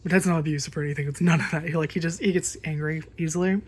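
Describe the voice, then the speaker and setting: A woman's voice: deep voice, steady tone, very fast, darkish tone, husky. Rambling woman telling a storytime rant. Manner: rambling, swears freely, lots of fillers. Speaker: vlogger.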